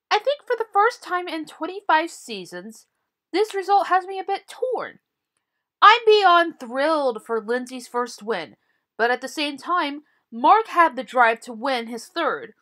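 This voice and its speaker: A woman talks through her take on a TV finale in a blunt, opinionated way and swears freely. Her voice is bright and sharp, with a slightly high pitch and a lively, swooping delivery. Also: a little slow. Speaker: TV commentary vlogger. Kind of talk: casual solo commentary.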